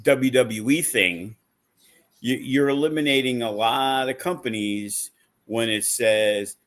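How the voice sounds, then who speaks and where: A man's voice: mid-range voice, takes it slowly, fairly bright tone. A man who promotes wrestling shows, chatting casually in a blunt, profane, rambling way with lots of fillers. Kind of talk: casual podcast chat.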